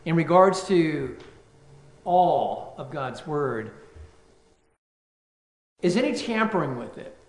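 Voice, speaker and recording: A pastor preaching a sermon, reading scripture aloud with rising, emphatic force. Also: male voice, high voice, roomy sound.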